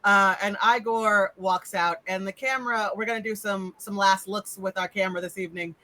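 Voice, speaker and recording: A man's voice: high-pitched, steady tone, brisk, sharp tone, poor audio. A man running a tabletop game as game master, narrating scenes loosely and playfully.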